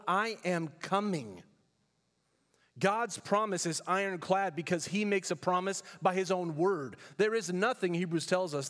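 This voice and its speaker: In a large hall, a California pastor delivers an emphatic sermon, mixing rhetorical questions with asides that tell stories. He's a man whose voice sits high.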